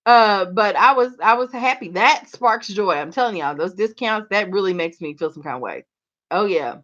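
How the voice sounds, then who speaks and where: A woman's voice: mid-range voice, normal speed. A woman hosts a gardening livestream, chatting casually with viewers and calling them y'all. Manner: animated, addresses viewers as y'all. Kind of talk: casual chat reading viewer comments. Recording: slightly dull lo-fi livestream audio.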